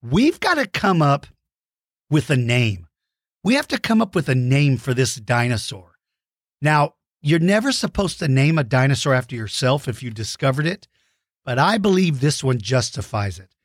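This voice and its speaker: A man hosting a dinosaur show for kids, giving playful, enthusiastic shout-outs to young fans. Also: medium pitch, big pitch swings, normal speed, no room sound, studio quality. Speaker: host of a kids' dinosaur show.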